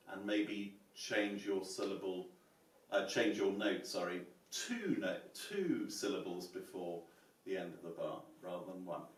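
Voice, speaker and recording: A man teaching psalm chanting in a measured, explanatory way, playing the piano as he goes. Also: lowish voice. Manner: measured and explanatory, often saying "yeah?"; plays piano while demonstrating. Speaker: choral music teacher. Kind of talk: music lesson on psalm chanting. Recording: echoey room, distant mic, piano.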